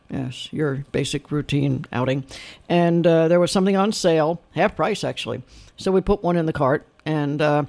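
An older radio host talks straight into a studio mic, spinning an everyday errand into a wry, opinionated monologue. His delivery is conversational and easygoing, with a few fillers as he thinks aloud. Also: on the high side.

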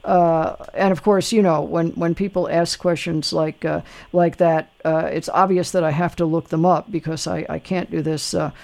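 A man's voice: a little high, steady tone, normal speed, creaky, hardly any pauses, darkish tone. A man hosting a call-in trivia radio show in a chatty, casual way, full of fillers and restarts. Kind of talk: casual live radio chat.

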